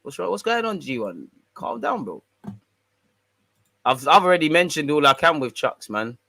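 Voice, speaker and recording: A man's voice: fairly high pitch, very animated, normal speed, vocal fry, bright, forceful tone, no echo. A man hosting a fan channel, casually reading and answering viewer comments in a slangy, bantering way. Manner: slangy, laid-back, bantering.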